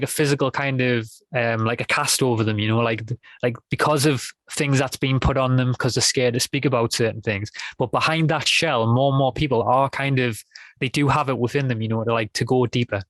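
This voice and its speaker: A man's voice: mid-range voice, fairly even intonation, a little fast, fairly bright tone, dry recording. Rambling man, dry sound. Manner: rambling, many restarts and fillers. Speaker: podcast guest. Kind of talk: casual conversation.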